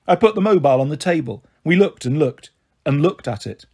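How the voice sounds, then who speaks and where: A man reading a children's novel aloud in steady first-person narration. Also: a little high, fairly quick, husky. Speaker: reader. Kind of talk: storybook reading.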